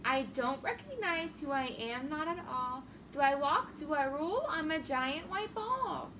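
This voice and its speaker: A woman's voice: high-pitched, lively intonation, unhurried, recorded from a distance, background noise. A woman voicing a confused, fluffy baby elephant in a storybook read-aloud, in a bouncy singsong.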